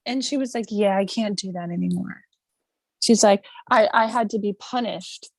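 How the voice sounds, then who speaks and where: With a medium-pitched voice and a moderate pace, a woman tells lively stories as co-host of a casual podcast conversation, impersonating those she quotes. The recording has no echo.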